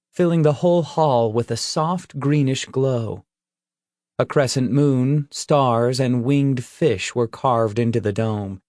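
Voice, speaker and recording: Slow, measured male storyteller. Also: mid-range voice, a little mellow, no room sound, studio quality. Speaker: audiobook narrator. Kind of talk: scripted narration.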